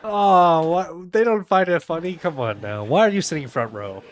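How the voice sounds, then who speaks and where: A man's voice: on the high side, animated, normal speed. A man hosting a livestream, giving blunt, profane political commentary over a clip. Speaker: livestream host.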